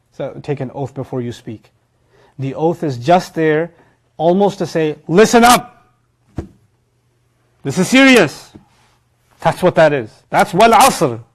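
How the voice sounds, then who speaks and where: A man delivers an animated teaching sermon in a fairly high voice. He recites Arabic phrases, then unpacks them in English. He moves between loud emphasis and soft, conversational asides. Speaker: preacher teaching Quran. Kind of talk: lecture-style sermon.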